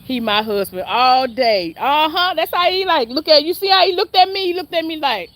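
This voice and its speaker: A woman's voice: high-pitched, lively intonation, normal speed, a bit bright. A woman, chatting and laughing with viewers on a casual live stream. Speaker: livestream host.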